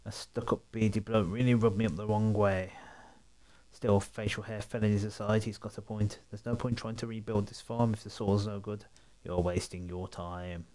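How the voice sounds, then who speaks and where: A man's voice: on the low side, little pitch movement, normal speed, warm tone, natural voice. A man voicing a blunt, sarcastic young male companion in a video game. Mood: dry. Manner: dry, sarcastic.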